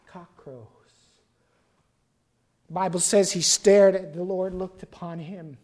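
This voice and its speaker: A preacher delivering a dramatic sermon, swinging between loud pleas and quiet asides. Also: mid-range voice, steady tone, slow pace, long pauses.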